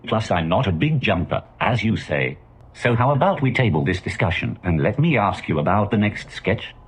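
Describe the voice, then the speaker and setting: A man voicing a sardonic British co-host with a monotonous, snarky delivery. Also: lowish voice, normal speed, husky, heavily acted. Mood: dry. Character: dry sardonic British male co-host who does not age.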